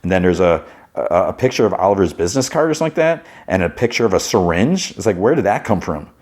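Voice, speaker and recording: A man's voice: deep voice, sing-song, fast talker, darkish tone. A man hosting a podcast, recapping a TV episode in a chatty way, full of "like" and "you know.". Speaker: podcast host.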